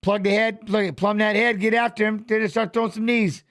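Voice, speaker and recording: A man giving casual live commentary on a fight as a watch-along host, animated and coaching the fighters aloud, repeating phrases. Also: sits high, moderate pace, no echo, studio quality.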